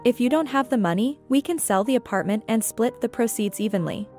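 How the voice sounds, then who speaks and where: A woman's voice: a little high, expressive, brisk, darkish tone, faint music behind, lightly acted. A woman reading the lines of a blunt, pushy younger sister in a curt, demanding way.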